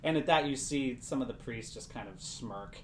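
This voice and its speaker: A man's voice: mid-range voice, moderate pace. A man narrating as game master of a tabletop game, loose and chatty with plenty of fillers. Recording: roomy echo with faint background hiss.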